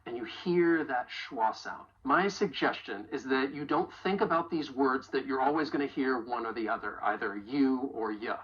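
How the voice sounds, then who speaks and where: In a video lesson on English pronunciation, a woman with a bass voice models example phrases slowly and clearly. The audio is dull.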